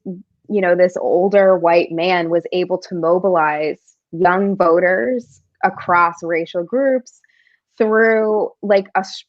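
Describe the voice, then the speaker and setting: A woman's voice: fairly low pitch, no echo. A woman co-hosting a political talk show, chatting loosely with many fillers. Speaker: co-host. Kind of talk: casual political chat. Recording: dull lo-fi dry audio.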